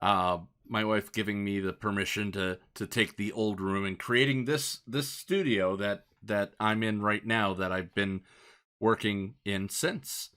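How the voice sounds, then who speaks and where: A man's voice: on the low side, fairly even intonation, a little slow, pushed and bright, smooth. A man hosts a podcast from a home studio, keeping the talk loose and upbeat. He chats freely and often restarts his sentences mid-thought. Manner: upbeat, chatty, prone to restarts. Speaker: podcast host. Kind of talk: casual chat.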